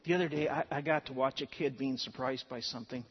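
A man's voice: medium pitch, quick pace, slightly rough. A man preaching a sermon in an earnest way, with strong emphasis at times. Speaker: pastor. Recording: dull sound with long hall reverb.

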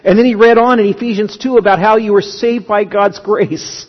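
A man with a high voice preaches a sermon in a church sanctuary. He tells stories in a loose, conversational way, often restarting phrases. The sound is dull and lo-fi, with a long reverb trailing his words. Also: steady tone, moderate pace. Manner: conversational storytelling with frequent restarts. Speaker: pastor.

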